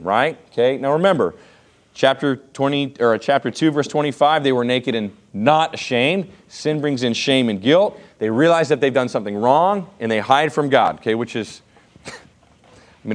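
A man in his thirties teaches a Bible class in an easy, conversational tone. He keeps asking his listeners questions and checking in with "okay?". His voice sits in an ordinary middle pitch. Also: a little fast.

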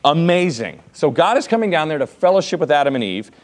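A man's voice: a little high, sing-song, fast. A man in his thirties teaching a Bible class in a casual, conversational way, with many rhetorical questions.

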